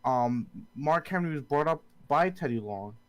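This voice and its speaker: A young man telling a silly made-up story in a deadpan way during a casual chat. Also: a little high, moderate pace.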